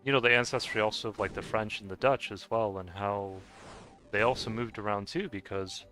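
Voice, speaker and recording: A man rambles through a casual chat while he games, his voice low-pitched yet bright and clear. He meanders and restarts his sentences and fills them with little verbal pauses. Soft game music plays faintly underneath. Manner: meandering, heavy with fillers and restarts. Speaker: gamer chatting while playing.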